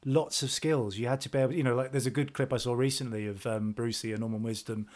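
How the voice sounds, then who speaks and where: A man's voice: mid-range voice, steady tone, fast, a little mellow. A man from England chats casually with easy enthusiasm. His voice sits in a middle range, and he talks freely with plenty of "you know" and "like". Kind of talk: casual chat.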